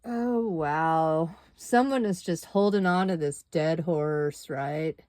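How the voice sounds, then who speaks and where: A woman's voice: deep voice, takes it slowly, a little mellow, no room sound. A woman doing a tarot reading, musing and dramatic, with exclamations and sighs. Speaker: tarot reader.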